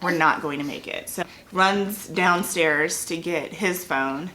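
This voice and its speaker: A woman's voice: lowish voice, slow pace, bright, forceful tone. A woman telling her own birth story in casual chat, wry and teasing her husband.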